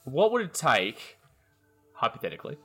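A man's voice: mid-range voice, huge pitch swings, normal speed, a bit bright, faint music behind. A young man, co-hosting a casual podcast chat, teasing and swearing. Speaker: podcast co-host.

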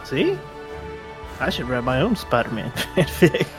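Podcast co-host, middle pitch, wry quick reactions over faint music. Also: huge pitch swings. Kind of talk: casual comedic chat.

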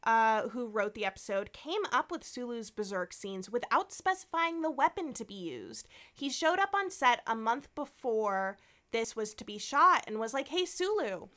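A woman's voice: a little high, moderate pace. A woman co-hosting a podcast in casual chat, recapping an episode and swearing freely. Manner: animated, swears freely, acts out characters' lines. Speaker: podcast co-host.

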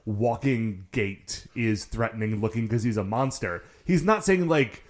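A man's voice: mid-range voice, normal speed, few pauses. A man co-hosting a casual chat about a TV episode, laughing and quoting the characters. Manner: laughing, lively, quotes characters. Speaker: podcast co-host.

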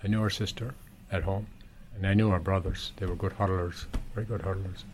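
Being interviewed, a Galway shopkeeper in his seventies tells rambling stories from the past, dropping in "you know" and laughing softly. His pitch is low, his tone steady, his pace brisk. A bit of hiss or hum can be heard.

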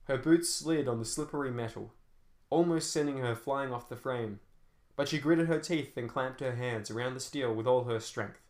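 A man's voice: mid-range voice, moderate pace, hardly any pauses, darkish tone. A man narrating an action novel as an audiobook, telling fight scenes dramatically with shifting pace. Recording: roomy echo.

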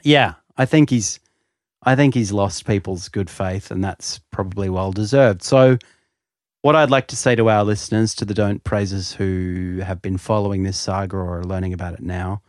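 A man's voice: low voice, moderate pace, no echo. A man co-hosting a podcast, talking casually with dry, wry humor. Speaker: podcast co-host. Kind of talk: casual chat.

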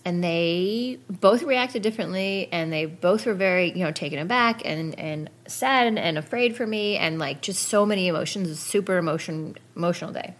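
Medium-pitched and a bit bright, her voice carries a frank, personal podcast monologue. As host, she keeps it casual and speaks straight to the people listening.

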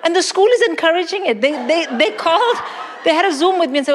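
A woman's voice: very high-pitched, animated, fast, crowd noise, noisy background. A woman in her forties from India doing a stand-up comedy set, with a brash, emphatic, mock-indignant delivery. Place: large concert hall with live audience. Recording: hall reverb, audience laughter.

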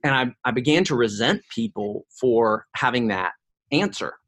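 A middle-aged man, a guest in an interview, telling a personal story in a lively way and often repeating his first words. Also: mid-range voice, moderate pace.

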